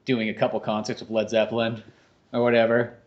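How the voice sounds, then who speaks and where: A man's voice: mid-range voice, completely flat delivery, a little fast, lo-fi sound. A man co-hosting a podcast in casual, profane chat, riffing loosely and slipping into mock voices. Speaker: podcast co-host.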